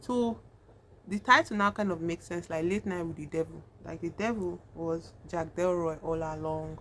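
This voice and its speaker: Woman vlogger, kinda low voice, rambling on with lots of "like", doing makeup as she talks. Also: steady tone, moderate pace, fairly bright tone, a little hiss or hum. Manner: chatty, rambling, heavy use of "like" and "you know"; doing her makeup while talking. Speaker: vlogger reviewing a horror film. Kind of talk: casual chat.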